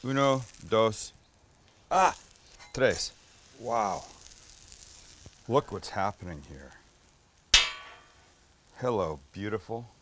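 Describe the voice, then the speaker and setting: A man's voice: lowish voice, fairly bright tone, a little hiss or hum. Joking middle-aged man hosting a cooking show. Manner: enthusiastic, joking, mildly profane. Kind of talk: casual cooking demonstration. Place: kitchen with a flat-top grill.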